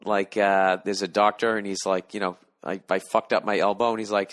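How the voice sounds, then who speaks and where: A man's voice: on the low side, level tone, fairly quick, few pauses, fairly bright tone. A man in his forties hosting a solo podcast from home, rambling and ranting in a profane, sardonic way. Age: 40s. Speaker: podcast host. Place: lying down at home.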